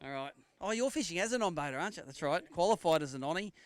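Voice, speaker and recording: A man's voice: on the high side, animated, fast talker. Australian man emceeing a weigh-in. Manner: jokey banter with anglers, announcing weights and standings. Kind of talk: live weigh-in commentary.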